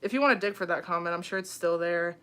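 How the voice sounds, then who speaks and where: This young woman's voice sits on the low side, clear and resonant with a bit of brightness, and she talks quickly. She's hosting a late-night livestream on her phone, casually going through comments, sounding slightly worn out. Her rambling is full of little laughs and fillers such as "um" and "like."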